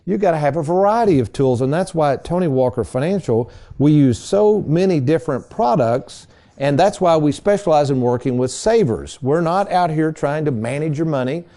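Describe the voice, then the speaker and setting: Middle-aged male radio host, folksy storyteller, mellow warm tone, studio mic. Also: on the high side, expressive, normal speed, few pauses. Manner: folksy, addresses listeners as folks. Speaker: radio show host and financial advisor. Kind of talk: casual storytelling radio talk.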